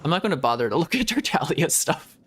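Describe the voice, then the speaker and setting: A man's voice: a little high, big pitch swings, quick pace, a bit bright, a little hiss or hum. A man streaming a game as a VTuber, chatting casually and playfully with frequent laughs and joking asides. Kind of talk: casual gaming commentary. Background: game music.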